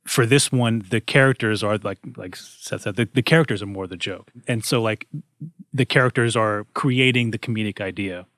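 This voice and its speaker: A man's voice: on the low side, moderate pace, a bit bright, no echo, studio quality. A man co-hosting a casual comedy panel, rambling with many restarts and fillers. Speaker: podcast co-host. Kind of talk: casual discussion.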